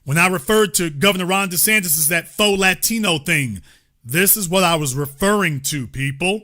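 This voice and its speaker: Male commentary host, high and very bright voice, emphatic and repetitive delivery. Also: moderate pace. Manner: emphatic, repeats key points, lectures the audience directly. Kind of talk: political commentary monologue.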